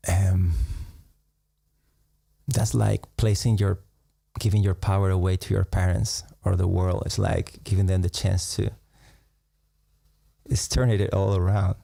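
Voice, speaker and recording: Low gravelly man, musing meditation talk. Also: level tone, no room sound. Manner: unhurried, musing, laughs softly between thoughts. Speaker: meditation teacher. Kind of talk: reflective live-stream talk.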